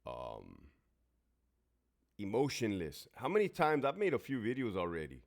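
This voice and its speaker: Huge pitch swings mark this fairly low male voice, delivered at normal speed. The speaker, a Southern Californian in his forties who served as a prison guard and in the military, recounts his story in a blunt, emphatic, very profane monologue.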